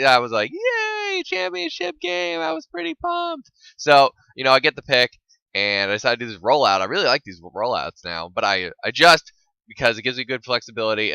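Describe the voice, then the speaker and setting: Male gameplay narrator, animated and self-mocking, dull dry recording. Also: mid-range voice, clean tone, no room sound. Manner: rambling, exasperated and self-mocking. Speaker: gaming channel host. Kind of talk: gameplay commentary voice-over.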